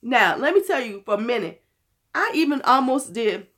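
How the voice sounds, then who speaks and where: Hoarse woman in her fifties, blunt casual beauty vlogger. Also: fairly high pitch, sing-song, normal speed, a bit bright. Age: 50s. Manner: blunt, cursing, chatty. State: hoarse from illness. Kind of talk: casual chat to camera.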